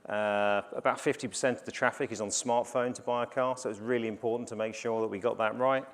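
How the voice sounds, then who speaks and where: A man's voice: mid-range voice, steady tone, quick pace. A middle-aged man from the UK giving a business conference presentation, conversational with many fillers and restarts. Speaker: conference speaker. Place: conference stage.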